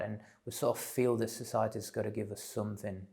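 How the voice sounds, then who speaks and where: A man giving a slow, thoughtful spiritual talk, pausing often with fillers. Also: lowish voice, level tone, vocal fry. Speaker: spiritual teacher. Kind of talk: reflective solo talk.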